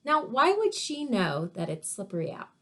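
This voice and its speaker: A woman teacher reading a storybook to children, pausing to ask questions and explain words. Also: fairly high pitch, huge pitch swings, a bit bright. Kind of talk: read-aloud story lesson for children.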